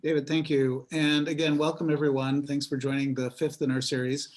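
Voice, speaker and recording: Guy hosting the lecture night, slightly high voice, quick casual announcements. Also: flat delivery. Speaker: event host. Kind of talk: event introduction.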